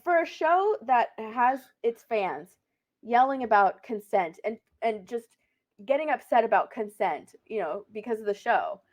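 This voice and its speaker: A woman co-hosting a casual review chat, lively and incredulous, ranting and acting out quotes. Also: on the high side, measured pace, lo-fi sound.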